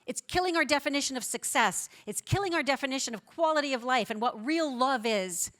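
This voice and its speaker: Emphatic woman speaker at a conference. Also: on the high side. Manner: emphatic, builds up lists of words; drops to a soft, quiet voice when telling a story. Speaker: pro-life educator giving a conference talk. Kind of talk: conference talk with Q&A. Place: large conference hall on stage.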